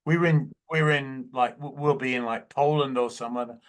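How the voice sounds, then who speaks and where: A man's voice: medium pitch, steady tone, fairly quick. An older man with a Manchester accent, a guest musician telling stories in a casual interview and acting out quotes. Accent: Manchester English. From England. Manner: anecdotal, acts out quotes.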